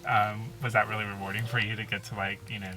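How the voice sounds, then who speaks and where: Young male college-radio host, relaxed questioner, bright edgy timbre. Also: on the low side, quick pace, faint music behind, rough recording. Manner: laid-back, laughs easily. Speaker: radio show interviewer. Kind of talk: casual interview.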